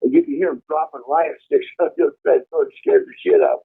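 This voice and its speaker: Casual storyteller, male, raspy and fairly high-voiced, blunt and profane, phone-quality audio. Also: huge pitch swings, fast. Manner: vivid, blunt, heavy swearing. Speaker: storyteller recounting prison life. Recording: tinny phone-like line.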